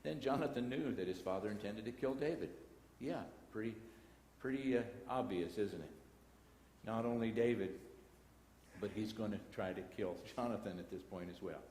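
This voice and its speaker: A man's voice: lowish voice, lively intonation, moderate pace, a little mellow, a little hiss or hum. Texan man, Bible class teacher, folksy asides, long reverb, roomy church hall. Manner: reads scripture aloud, breaks into folksy asides. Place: church auditorium. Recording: echoey church hall broadcast.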